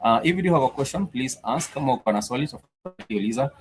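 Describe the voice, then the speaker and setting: A man's voice: medium pitch, expressive, fast talker, soft background music. A man teaching a live-streamed Swahili class, patiently repeating each phrase and spelling words out letter by letter. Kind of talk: live-streamed language lesson.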